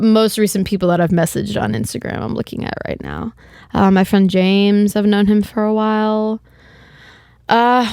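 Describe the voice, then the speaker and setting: A woman's voice: mid-range voice, gravelly, clean tone, no echo. Young woman, solo podcast host, rambling and candid, casual swearing, dry close sound.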